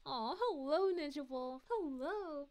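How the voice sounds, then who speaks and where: Sweet giggly space princess played by a woman, high voice, chatting with her stream. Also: expressive, takes it slowly, darkish tone. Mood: cheerful. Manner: sweet, giggly, reads chat messages aloud. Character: gentle cosmic princess, sweet and motherly. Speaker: VTuber streamer. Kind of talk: live-stream chat in character.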